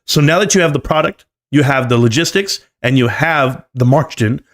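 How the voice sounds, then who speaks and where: A man's voice: mid-range voice, expressive, moderate pace, a bit bright. A man giving live stream market commentary, emphatic and lecturing, often repeating key numbers. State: coughing, choked up.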